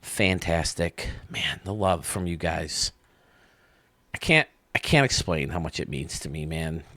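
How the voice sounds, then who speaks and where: A man's voice: deep voice, a little slow, sharp tone, no echo. A man hosting a video game channel, casually commenting with enthusiasm, rambling a bit and laughing often.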